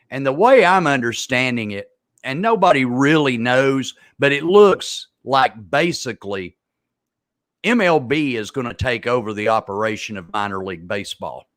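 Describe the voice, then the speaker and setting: A middle-aged man asks questions and chats in a relaxed, folksy way. His voice sits at a middle pitch, recorded close and dry with no room sound. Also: no room sound. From American South. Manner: folksy, chatty. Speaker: radio show host. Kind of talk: casual interview.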